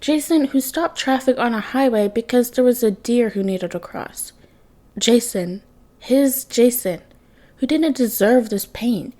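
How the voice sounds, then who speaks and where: A woman's voice: on the high side, a little mellow. A woman reading fan fiction aloud, narrating with emotion. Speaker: podfic reader.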